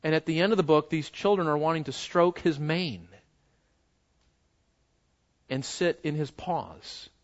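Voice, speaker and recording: A man's voice: on the high side, lively intonation, a little slow, pauses often, highs cut off. A man preaching an expository sermon as pastor, emphatic, swinging from raised stresses down to near murmurs and asking his listeners rhetorical questions.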